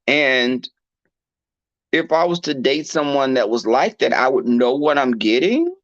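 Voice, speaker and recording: A man telling a candid personal story in a blunt, animated and profane way. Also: mid-range voice, measured pace, no echo, lo-fi sound. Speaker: podcast host.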